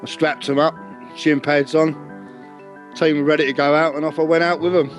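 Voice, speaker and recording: A man's voice: a little high, little pitch movement, moderate pace, soft background music, low-quality recording. Rambling man telling a story. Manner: rambling, chuckling storyteller with many restarts. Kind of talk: casual anecdote.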